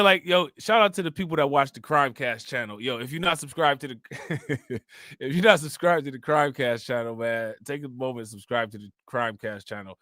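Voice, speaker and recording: A man hosting a live reaction stream, talking loosely and laughing between chat shout-outs. His voice is bright and forward, recorded close and dry with no room sound. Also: mid-range voice, brisk, no echo. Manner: laid-back, laughs often, reads chat shout-outs. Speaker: livestream reaction host. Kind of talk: casual live-stream commentary.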